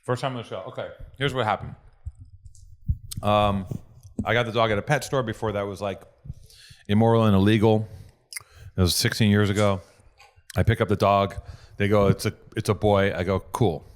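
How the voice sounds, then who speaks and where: A man's voice: on the low side, normal speed, long pauses. A man hosting a podcast in casual chat, telling stories animatedly and swearing freely. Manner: profane, animated storytelling with acted-out quotes. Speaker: podcast host.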